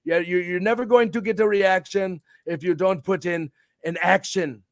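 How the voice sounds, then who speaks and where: A man's voice: high-pitched, fairly even intonation, normal speed, dry recording, studio quality. A man hosting a casual livestream show, brash and hyped, swearing freely and plugging his wrestling bookings. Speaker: host.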